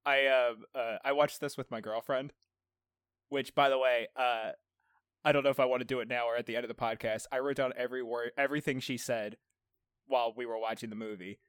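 A man's voice: mid-range voice, fairly even intonation, brisk, fairly bright tone, clean tone, no echo, clean studio sound. A young man co-hosting a casual movie podcast, telling stories with a joking, laughing manner. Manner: laughing, jokey storytelling. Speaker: podcast co-host.

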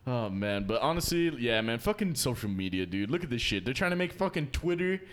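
A man's voice: mid-range voice, sing-song, a little fast, a bit bright. A young man co-hosting a podcast, chatting crudely and swearing, often laughing. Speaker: podcast co-host. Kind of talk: casual podcast banter.

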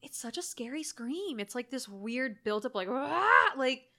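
A woman's voice: a little high, moderate pace. A woman co-hosting a podcast, chatting casually about a horror movie and acting out scenes. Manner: animated, acts out scenes with voices. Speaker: podcast co-host.

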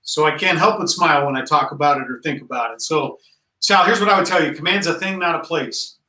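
A man in his forties with a high, bright voice talks about command with emphatic conviction, pressing his points home. He is a bit distant from the mic, and the room gives a noticeable echo. His delivery feels earnest and conversational. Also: a little fast. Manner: emphatic and earnest, rising in pitch as he stresses points. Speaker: Army general, podcast guest. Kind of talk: conversational interview talk.

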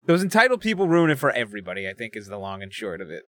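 A man's voice: on the low side, big pitch swings, rapid-fire, a bit bright, no echo, studio quality. A man co-hosting a podcast in casual chat, joking and chatty. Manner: chatty, joking, laughs between remarks. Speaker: podcast co-host.

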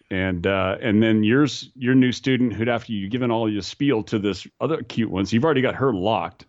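A man's voice: medium pitch, normal speed, no room sound. A man, a skydiving instructor, telling stories in casual chat, rambling and repeating himself, laughing at his own tales. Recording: slightly dull, dry recording.

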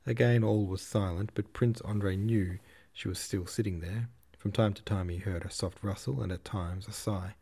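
A man reading a classic novel aloud as a podcast host, in a measured storytelling manner. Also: sits low, fairly even intonation, dark tone, slightly rough. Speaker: audiobook reader and podcast host.

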